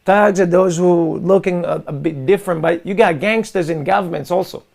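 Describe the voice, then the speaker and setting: Gravelly, high-pitched impassioned male host. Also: moderate pace. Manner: forceful, repetitive, addresses listeners as guys. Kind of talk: impassioned monologue to an online audience.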